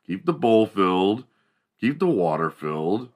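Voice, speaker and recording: A man's voice: low-pitched, very animated, a little slow, a little mellow. A man voicing a smug, entitled house cat that thinks it owns the home, talking in a dismissive, profane way.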